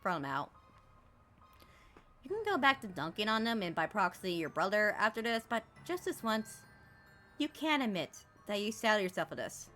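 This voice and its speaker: A woman's voice: mid-range voice, normal speed, soft background music. A woman streamer reading a game's text aloud and joking about it as she plays. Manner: animated, jokey, mocks the game text. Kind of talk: reading game text aloud with playful commentary.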